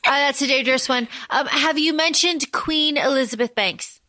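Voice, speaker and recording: A woman's voice: high voice, moderate pace, bright, forceful tone. A woman co-hosting a podcast in casual chat, playful, given to dramatic asides and repeating herself. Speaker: podcast co-host.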